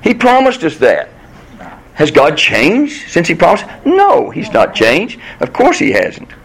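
A man preaching a sermon, asking rhetorical questions and quoting scripture slowly and with emphasis. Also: wildly swooping pitch, poor audio. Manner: emphatic, rhetorical questions, rising to high bursts; slows for scripture, speeds up in the story. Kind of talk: sermon with storytelling.

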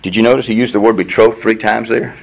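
A man's voice: fairly low pitch, fairly even intonation, fast, creaky, poor audio. A man preaching a sermon as pastor, earnest and explanatory, often restarting his sentences.

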